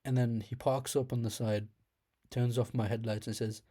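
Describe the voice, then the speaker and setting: A man's voice: mid-range voice, little pitch movement, normal speed, dark tone. A young man with a slight lisp telling a rambling comic story about his dreams in a casual way, laughing at himself now and then. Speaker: storyteller host.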